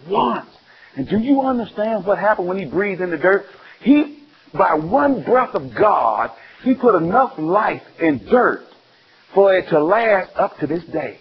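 A man from Alabama, preaching an animated sermon full of questions to his listeners. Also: high voice, measured pace, breathy edge. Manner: animated, call-and-response, exclaiming. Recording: dull lo-fi sound.

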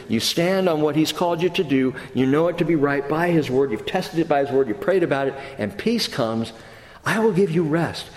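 A man preaching a sermon as pastor, animated, moving from soft low scripture quotes to excited high asides. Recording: echoey hall with long reverb.

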